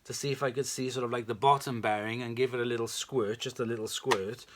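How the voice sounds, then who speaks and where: A man's voice: medium pitch, fairly even intonation, fast talker, a little hiss or hum. A British man hosting a casual vacuum restoration vlog, talking in a chatty, rambling, friendly way. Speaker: vacuum restoration channel host.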